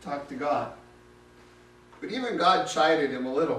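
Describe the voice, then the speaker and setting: A man's voice: on the high side, animated, normal speed, a bit bright. A man giving a vivid, conversational retelling of a Bible story as a lay preacher. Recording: roomy, distant mic.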